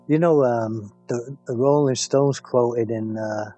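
A man with an English accent co-hosting a music podcast, chatting playfully and halting on fillers. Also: mid-range voice, dark tone, breathy edge, highs cut off. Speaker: podcast co-host. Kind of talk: casual chat about music.

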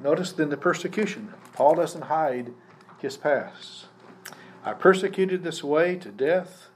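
A male pastor giving a live sermon, teaching conversationally and putting questions to the congregation. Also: on the high side. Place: church service. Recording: faint background noise from a live service.

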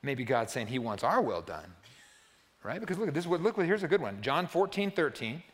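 A man's voice: on the high side, big pitch swings, normal speed. A man in his sixties preaching a conversational sermon as pastor, often adding "right?" and building to emphatic peaks. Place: church sanctuary. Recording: long reverb of a church hall.

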